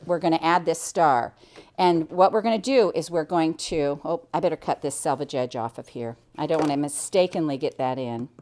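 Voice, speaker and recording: A middle-aged American woman teaching quilting, chatting cheerfully as she explains each step while she cuts and sews. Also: on the low side. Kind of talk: hands-on sewing tutorial.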